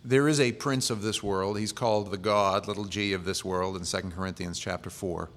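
A man's voice: sits low, fairly even intonation, brisk. A male pastor preaching a sermon in a conversational way, with humorous asides.

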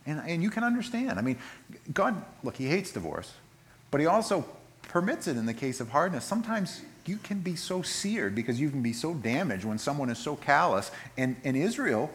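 Expressive preacher man. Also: on the high side, normal speed. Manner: expressive, acts out voices in quotes, swings from loud emphasis to quiet reading. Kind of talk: sermon.

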